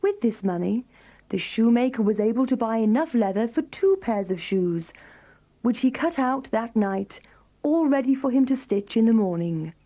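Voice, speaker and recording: A woman narrating a children's fairy tale in a calm, even storybook telling. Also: a little high, moderate pace.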